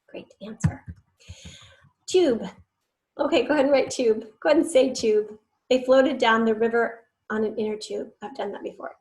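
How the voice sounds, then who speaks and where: A woman's voice: on the high side, a little mellow, slight background noise. A woman teaching a spelling lesson, patient and encouraging, sounding words out syllable by syllable.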